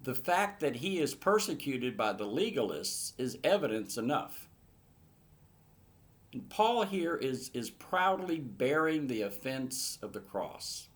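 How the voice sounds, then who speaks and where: A man's voice: mid-range voice, very animated, slow pace. A man teaching verse by verse through a Bible passage in an earnest manner, rising to emphatic bursts.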